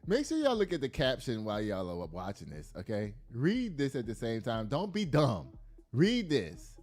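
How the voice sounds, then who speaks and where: A man's voice: mid-range voice, huge pitch swings, normal speed, a little mellow. A man giving blunt, profane, emphatic political commentary to his audience, laughing at his own jokes. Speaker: commentary host.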